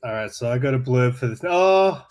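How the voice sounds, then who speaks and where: A man's voice: medium pitch, expressive, moderate pace, darkish tone. A man chatting casually as a comic collector co-host, easygoing and thinking aloud. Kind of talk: casual chat.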